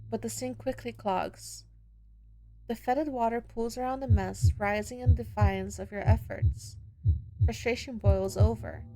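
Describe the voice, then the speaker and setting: A woman streamer reading horror game text aloud, slow and dramatic with long pauses. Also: medium pitch. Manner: reads slowly with drawn-out pauses, then shouts angrily at the character.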